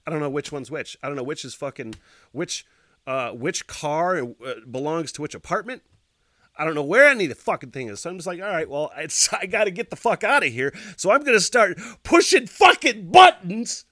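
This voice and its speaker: Profane, animated man telling a story. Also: on the high side, a little fast, dry recording, studio quality. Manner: laughs while talking. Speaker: podcast host. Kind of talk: solo podcast rambling story.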